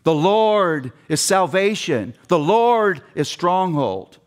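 A man's voice: sits high, expressive, takes it slowly. A middle-aged man preaching a passionate sermon with emphatic repetition, addressing seminary students. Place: seminary chapel.

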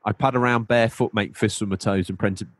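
Man, low voice, dry close sound, playful rambling podcast chat. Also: steady tone, quick pace, no echo. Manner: playful, rambling, breaks into silly put-on voices. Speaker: podcast host. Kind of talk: casual chat.

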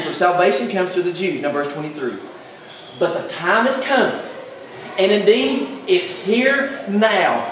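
Exuberant pastor in an echoey hall. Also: male voice, sits high, recorded from a distance, slight background noise. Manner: exuberant, emphatic, builds to shouts. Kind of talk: sermon. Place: large echoey church hall.

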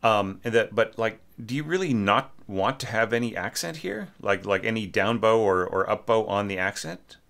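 A man's voice: on the low side, expressive, normal speed, vocal fry, few pauses, a bit bright. A man teaching orchestration, giving a casual spoken critique of a student's score, thinking aloud with hesitant restarts. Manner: sings short phrases on nonsense syllables.

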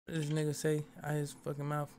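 A man's voice: on the high side, monotone, quick pace, a little mellow, a little hiss or hum. A young man, casually reacting to videos as a streamer, rambling and cursing defensively.

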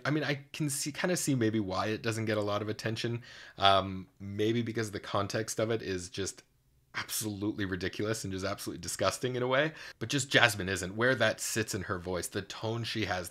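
A man's voice: on the low side, a bit bright. A man, a musical theatre coach, giving enthusiastic, admiring reaction commentary with frequent fillers.

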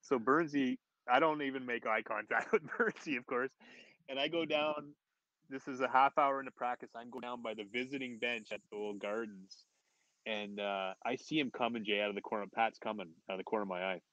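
A man, a former hockey player, telling an anecdote in casual chat as a podcast guest, animated and laughing often. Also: medium pitch, brisk, no echo, poor audio. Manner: animated, laughs often, quotes others in raised voices. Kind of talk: casual storytelling.

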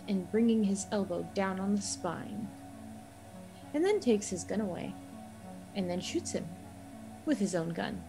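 A woman reading a recap of a tabletop game session as a player, with a steady, even storytelling manner. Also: mid-range voice, poor audio. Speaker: player recapping the last episode.

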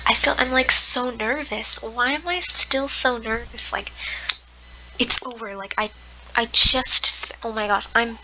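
A young woman commenting on her game play, excitable, gasping often and slipping into soft half-whispered asides. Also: on the high side, a little slow, poor audio. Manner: excitable, gasping, lots of exclamations. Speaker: gamer.

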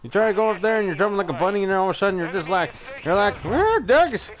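A man's voice: high-pitched, rapid-fire. A man playing an online shooter, joking crudely and swearing as he plays. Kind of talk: casual gameplay banter. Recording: gunfire game audio under voice.

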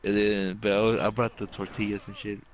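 A man's voice: lowish voice, flat delivery, brisk, a little hiss or hum, low-quality recording. A young man telling rambling childhood stories to friends in casual chat, full of swearing and fillers. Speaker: storyteller among friends.

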